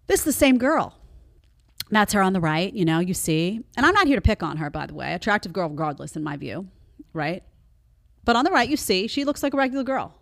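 Emphatic woman show host. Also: mid-range voice. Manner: emphatic, conversational, talks straight to viewers. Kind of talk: live commentary show.

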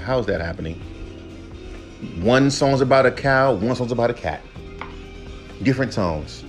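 A young man hosts a solo podcast and vents in a heated, profane rant, sometimes mocking others in put-on voices. His voice sits a little on the high side. Faint music plays softly behind him. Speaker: podcast host.

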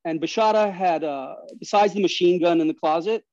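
Animated New man telling stories. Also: high-pitched, a little fast, no echo. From New York. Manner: animated, restarts, laughs mid-story. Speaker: podcast guest. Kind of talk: casual storytelling. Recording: slightly dull dry recording.

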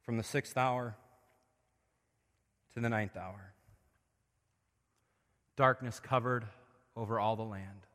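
A man preaching a sermon as pastor, moving between hushed, intimate passages and loud, impassioned swells. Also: fairly low pitch, steady tone, slow, long pauses, big-room sound.

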